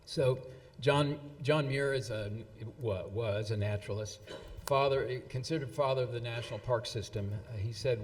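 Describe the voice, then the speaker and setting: Halting man presenting in a hall. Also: medium pitch. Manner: halting, many fillers and restarts, reading out quotes. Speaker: event presenter. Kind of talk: speech at a live anniversary event. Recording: long hall reverb.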